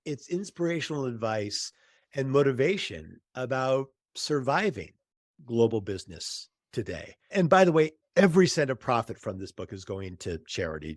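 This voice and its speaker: A man's voice: medium pitch, no room sound, studio quality. A man hosting an interview podcast, enthusiastic and affirming toward his guest. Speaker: host.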